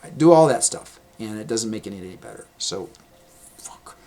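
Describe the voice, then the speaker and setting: A man with a hoarse, gravelly voice that cracks, telling a rambling, exasperated story in a casual vlog, swearing as he goes. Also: lowish voice, lively intonation, moderate pace, warm tone.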